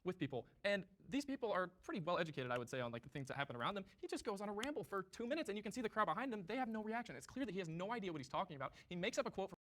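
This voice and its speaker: A man debating on a stream, speaking extremely fast in a slightly raised voice. He argues eagerly and piles one point on the next. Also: high-pitched, big pitch swings, fairly bright tone. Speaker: debate participant. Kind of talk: casual debate argument.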